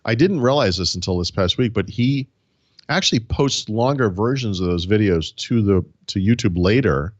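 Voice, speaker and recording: A man's voice: on the low side, animated, normal speed, no echo, lo-fi sound. A man co-hosting a casual tech podcast, talking in a rambling way with many false starts and restarts. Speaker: podcast co-host.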